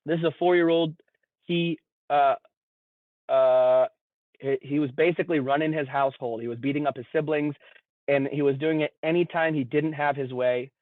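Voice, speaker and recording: A man's voice: mid-range voice, dry recording. A man presenting as a behavior analyst, earnestly walking listeners through a case and often repeating words as he starts a thought. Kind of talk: explanatory presentation. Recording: dry, tinny phone-like line.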